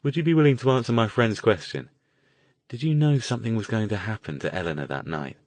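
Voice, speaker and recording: A male narrator voicing a composed, courteous mage who speaks gently and persuasively. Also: lowish voice, animated, fast talker, no room sound. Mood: pressing. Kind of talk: audiobook character voice.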